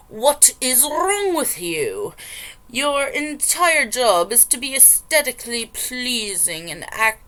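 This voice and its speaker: A woman's voice: on the high side, sharp tone, poor audio. A woman voicing a scornful online poster, reading his rant aloud in a put-on accent.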